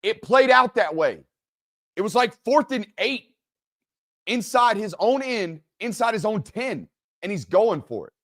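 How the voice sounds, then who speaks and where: A man hosting a solo live college football reaction show, who gets loud and high when he rants. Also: measured pace, dry recording, studio quality. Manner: animated, goes loud and high when ranting. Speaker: sports show host. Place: studio.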